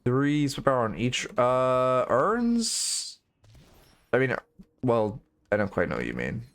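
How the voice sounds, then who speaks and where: A man's voice: medium pitch, big pitch swings, slow, a bit bright. A young man streaming and coaching a game, rambling through frank, profane critique in casual commentary.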